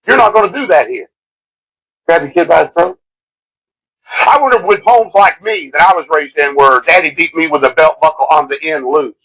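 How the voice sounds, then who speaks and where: A middle-aged man preaching a sermon in an impassioned way, swinging from shouts to hushed lines. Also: on the high side, moderate pace, rough recording. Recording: old cassette tape of a live sermon.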